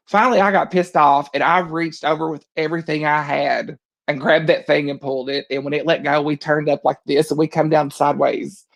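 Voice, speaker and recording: Gravelly-voiced storytelling man. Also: a little high, moderate pace. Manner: animated storyteller, laughs often, acts out voices. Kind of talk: casual storytelling chat.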